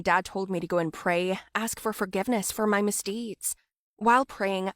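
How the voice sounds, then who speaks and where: A young woman giving scripted narration for an animated story. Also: medium pitch, no room sound, studio quality.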